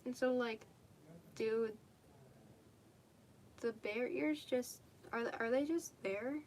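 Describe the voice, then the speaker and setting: A young woman reads fan fiction aloud in a loose, casual way, tripping over words and fixing them as she goes. Her voice sits a little high. A faint hiss of noise runs behind her. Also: slow, pauses often, a little mellow. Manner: casual, stumbling, self-correcting, swears. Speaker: fanfic reader.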